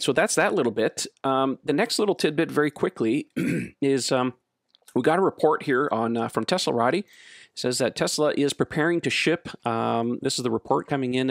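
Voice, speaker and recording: Gravelly-voiced man hosting a podcast. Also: medium pitch, no room sound, clean studio sound. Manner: relaxed, rambling with many fillers. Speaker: podcast host. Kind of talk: casual podcast chat.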